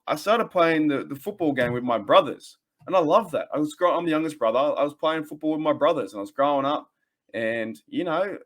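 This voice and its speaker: On his casual sports fan podcast, a thirtysomething Australian host with a mid-range, slightly bright voice goes on a heated rant. It's rambling, and he keeps restarting.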